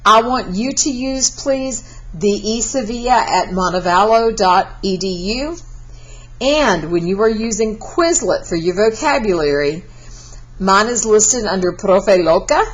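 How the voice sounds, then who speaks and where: A woman's voice: medium pitch, expressive, a little slow, low-quality recording. A Spanish teacher. She gives a recorded class lesson in a chatty, encouraging way and breaks into sung verses.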